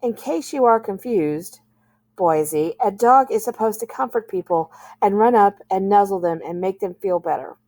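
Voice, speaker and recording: A woman's voice: medium pitch, moderate pace, a little mellow, no room sound, natural voice. A woman reading aloud voices a moody, self-pitying teenage girl who pleads and wails melodramatically. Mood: scolding.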